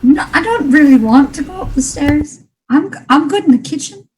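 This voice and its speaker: A woman with a high voice chats casually in character at a tabletop game. She sounds relaxed and loose. Faint noise sits behind her. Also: moderate pace. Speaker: player. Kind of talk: tabletop role-play chat.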